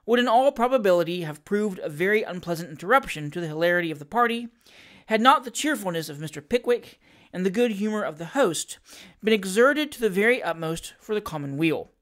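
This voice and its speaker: Steady, measured storybook narrator. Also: medium pitch. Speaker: audiobook reader. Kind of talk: reading a classic novel aloud.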